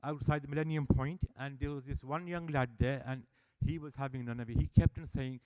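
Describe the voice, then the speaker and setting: A man with a clean, mid-range voice talks fairly quickly and with few pauses as the service user speaker at an annual meeting held in a hall. He brings his stories to life by acting out each exchange with energy.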